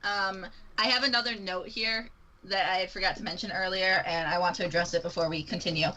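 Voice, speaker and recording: A woman's voice: on the low side, fairly even intonation, fairly quick, pushed and bright, low-quality recording. A woman playing a tabletop game, chatty and a bit hesitant. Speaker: player. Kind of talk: tabletop role-play chat.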